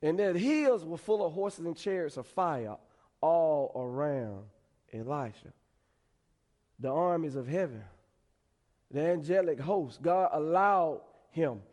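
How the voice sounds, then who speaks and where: Animated, higher-voiced male preacher. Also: takes it slowly, long reverb tail. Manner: conversational, animated storytelling. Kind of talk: sermon.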